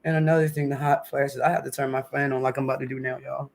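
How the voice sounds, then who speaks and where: A woman's voice: extremely low pitch, flat delivery, fast, vocal fry, a little mellow. A woman in her fifties hosting a casual home livestream, chatty and emotional, calling her viewers honey and baby. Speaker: livestream host. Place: at home indoors.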